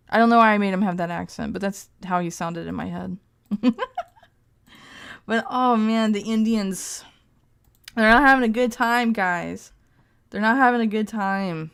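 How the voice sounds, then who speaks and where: Smooth-voiced woman streamer, crude joking asides. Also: mid-range voice, unhurried, pauses often, fairly bright tone. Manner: reads aloud and reacts with crude, joking asides; laughs often. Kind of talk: casual live-stream commentary.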